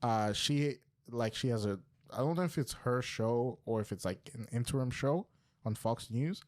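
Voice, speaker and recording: A young man originally from Africa co-hosting a podcast, telling stories in an animated, slangy way. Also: medium pitch, moderate pace. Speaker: podcast co-host. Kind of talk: casual chat.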